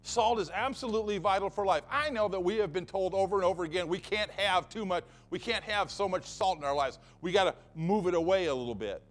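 A man's voice: high voice, quick pace, few pauses. A man preaching a sermon as pastor of his church, emphatic and fond of repeating phrases for effect.

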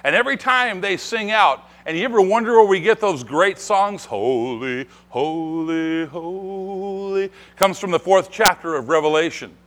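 A man preaching a sermon to his congregation, animated and rising to emphatic declarations. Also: high-pitched, a little fast, hardly any pauses. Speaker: pastor.

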